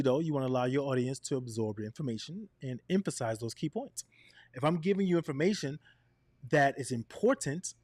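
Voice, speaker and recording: Here a man coaches people on camera presence, his mid-range voice recorded with no room sound. He's lively, repeatedly asks "right?", and alters his tone as a way of demonstrating his points.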